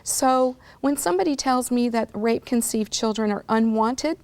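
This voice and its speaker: A woman in her sixties, a guest telling her personal story in an interview, earnest and slowing into a breathy near-whisper on emotional words. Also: fairly high pitch, a little mellow.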